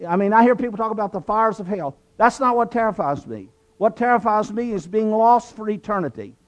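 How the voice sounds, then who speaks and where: A man's voice: high voice, animated, brisk. A man from southwestern Virginia, telling his conversion story in an earnest, preacherly way and repeating phrases for emphasis. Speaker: guest telling his testimony. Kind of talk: preacherly testimony.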